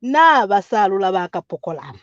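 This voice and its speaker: Animated woman on a dull dry line. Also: medium pitch, brisk, no echo. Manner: code-switching, emphatic and repetitive. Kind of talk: impassioned political call-in comment.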